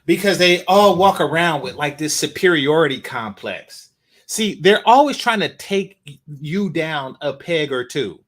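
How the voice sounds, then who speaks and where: A man's voice: a little high, lively intonation, a little slow, fairly bright tone. A man doing reaction commentary in a blunt, profane, emphatic way.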